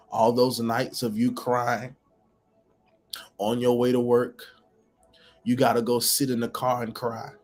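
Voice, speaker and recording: A man preaching prophetically on a phone livestream. He repeats his phrases in a declaring rhythm, swells to loud peaks and calls on viewers by name. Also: mid-range voice.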